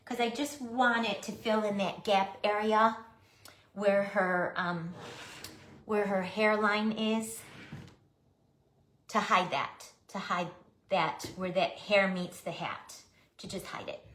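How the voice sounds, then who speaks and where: A woman in her sixties with a girlish, high voice, chatting casually and often softly on a craft livestream. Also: echoey room. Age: 60s. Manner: slow, chatty, often drops to a soft murmur.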